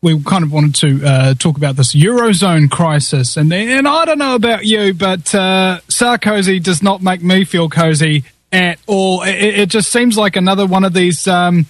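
A man's voice: sits high, moderate pace, dry recording. A man with a New Zealand accent hosting a talk radio show, joking and rambling with many fillers. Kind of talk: casual radio chat.

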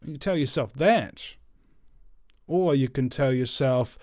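Slow, emphatic man telling a story. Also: mid-range voice, darkish tone, no echo, studio quality. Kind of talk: motivational monologue.

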